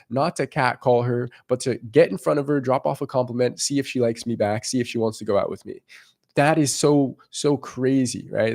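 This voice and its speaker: A young man talking as a dating coach in a casual monologue, animated and swearing freely as he acts out little scenes. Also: mid-range voice, creaky.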